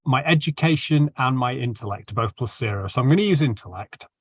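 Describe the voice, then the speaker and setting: A man playing in a tabletop game, telling his character's story in an animated way. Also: mid-range voice, fairly quick, husky, no echo, lo-fi sound. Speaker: player. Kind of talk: tabletop game play and chat.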